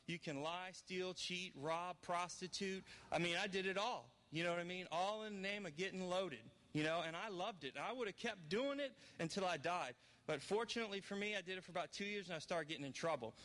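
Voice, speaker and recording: This is a middle-aged man from New Orleans sharing his story before a recovery crowd. His voice rides a touch high and sounds bright and forward. He wanders through it candidly, poking fun at himself. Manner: candid, rambling storyteller with self-deprecating humor. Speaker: recovery speaker. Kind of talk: personal testimony to an audience.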